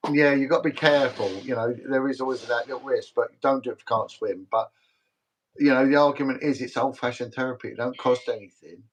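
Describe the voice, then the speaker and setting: A man's voice: medium pitch, quick pace, low-quality recording. A middle-aged British man, a retired detective, talking as a guest in a casual livestream interview, emphatic and repetitive, rambling from story to story. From Britain.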